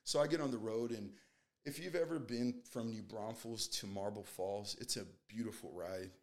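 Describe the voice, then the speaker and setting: Earnest rambling man, lowish voice. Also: moderate pace. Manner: rambling, earnest, fills with "you know"; acts out quoted dialogue. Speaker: guest sharing a faith testimony. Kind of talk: casual spoken testimony.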